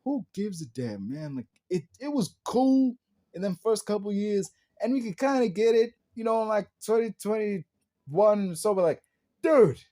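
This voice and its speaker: A male podcast host talks in a loose, slangy rant, full of exclamations and frequent laughs. His pitch swings widely as he gets worked up. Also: expressive, normal speed, mellow. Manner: laughs often.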